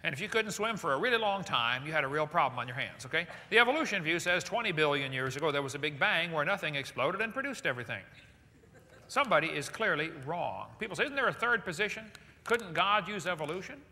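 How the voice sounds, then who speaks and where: A man giving a lecture to a live audience in a large hall, animated and jokey, firing rhetorical questions at the crowd. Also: on the high side, fast talker. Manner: jokey asides. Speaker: seminar speaker. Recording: long hall reverb.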